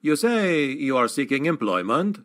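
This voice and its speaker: Man doing stern master of arms, calm, quiet, low, measured, audiobook.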